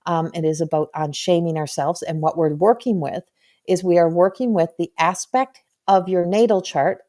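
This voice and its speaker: A woman's voice: fairly low pitch, normal speed, dark tone. A woman hosting a live stream as a spiritual medium, talking in a chatty, earnest and frank way, with playful swearing.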